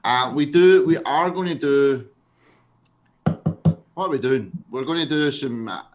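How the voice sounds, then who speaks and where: A man's voice: medium pitch, a little slow, faint music behind. A young man co-hosting a charity livestream, chatting casually and asking viewers to donate. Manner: laid-back, asks viewers to donate. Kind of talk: casual chat.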